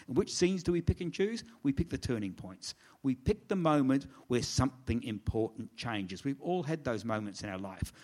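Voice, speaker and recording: A middle-aged man speaks to an audience in a lecture room, an author telling anecdotes. He is wry and self-deprecating, animated as he quotes others and pokes fun at himself. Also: medium pitch. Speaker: author giving a talk. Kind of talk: storytelling presentation.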